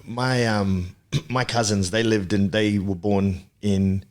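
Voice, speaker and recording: A man in his thirties from Papua New Guinea, a podcast guest telling his story in a relaxed, reflective way with many ums and restarts. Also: fairly low pitch, slow. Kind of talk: casual interview chat.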